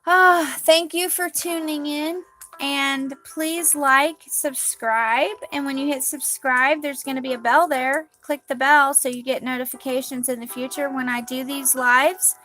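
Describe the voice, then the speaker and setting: High-voiced woman giving a gushing card reading. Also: steady tone, unhurried, pushed and bright, faint music behind. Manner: gushing, dreamy, calls herself quirky. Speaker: spiritual card reader. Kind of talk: live card reading stream.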